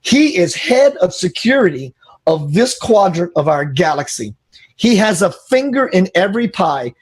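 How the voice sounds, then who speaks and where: A man being interviewed as a spiritual teacher, telling an animated story and acting out the dialogue. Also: high voice, normal speed, slightly rough.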